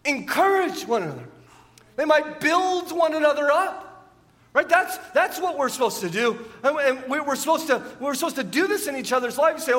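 A man's voice: extremely high pitch, expressive, a little fast, a bit bright, long reverb tail. A man preaching a sermon as pastor, often asking his listeners rhetorical questions and repeating words as he goes.

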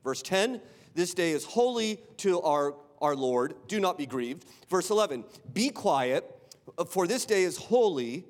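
A man with a noticeably high voice preaches a sermon in a church sanctuary, chatty and direct, checking in with rhetorical questions and stumbling over repeated words. His voice trails off into a long, ringing hall reverb. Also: sing-song, a little slow. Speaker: pastor.

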